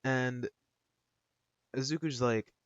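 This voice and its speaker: A man's voice: medium pitch, fairly even intonation, slow, clean tone, dry recording. A man casually retelling a fan story in a rambling, slangy way with many fillers. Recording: dull, dry lo-fi recording.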